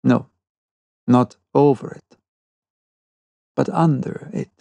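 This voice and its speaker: A man reading the part of a stern, proud older sea captain in an audiobook, with a cold, quiet and ironic manner. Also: medium pitch, slow pace, vocal fry, no echo.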